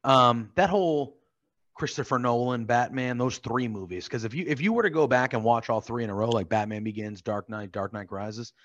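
A man's voice: medium pitch, moderate pace, a bit bright, highs cut off. A man with an American accent, co-hosting a casual chat over a video call with eager, effusive talk. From United States. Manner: effusive, enthusiastic. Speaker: podcast co-host.

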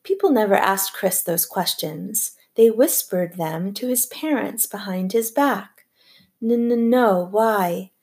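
A woman narrating a novel as an audiobook reader, with a measured, even storytelling delivery. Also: mid-range voice. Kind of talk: scripted narration.

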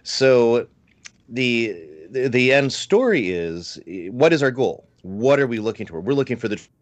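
A man's voice: mid-range voice, big pitch swings, normal speed, dry recording. A man speaking earnestly over a video call as a guest on a livestream panel, with frequent fillers and restarts. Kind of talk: casual discussion on a livestream panel.

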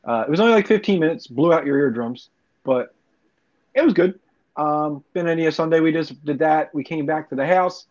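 A man's voice: on the high side, normal speed, a little mellow. Rambling guy telling stories. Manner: rambling, profane storytelling with laughs. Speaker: podcast co-host. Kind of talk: casual chat. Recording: dull lo-fi recording.

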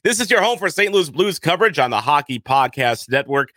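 A man's voice: on the high side, big pitch swings, a little fast, sharp tone, no echo, clean studio sound. A man hosting a hockey podcast, chatting casually with upbeat energy and frequent fillers. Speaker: podcast host. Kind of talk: casual podcast chat and ad reads.

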